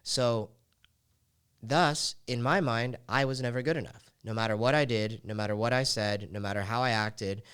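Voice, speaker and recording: A man's voice: mid-range voice, moderate pace, a bit bright, smooth. A man hosting a podcast, telling a personal story in a raw, confessional way full of casual fillers like "like.". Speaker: podcast host.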